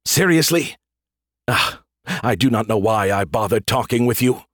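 A man's voice: mid-range voice, animated, a little slow, fairly bright tone, dry recording, studio quality. A man voicing a smug, sarcastic male AI who talks down to people and calls them names. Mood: exasperated. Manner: snarky, condescending, name-calling.

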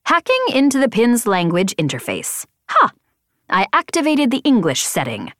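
Woman doing a sarcastic male ship computer in a storybook, quirky and deadpan, with a lively up-and-down voice and a very dry close sound. he talks to his pilot like a smug pal. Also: on the high side, moderate pace, no echo. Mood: pleased. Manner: deadpan, wry.

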